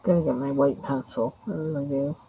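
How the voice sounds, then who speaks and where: A woman streaming live, talking quietly to herself in casual chat as she colors a drawing. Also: rumbling low, fairly quick, vocal fry, a little hiss or hum, low-quality recording. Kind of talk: casual self-talk while coloring.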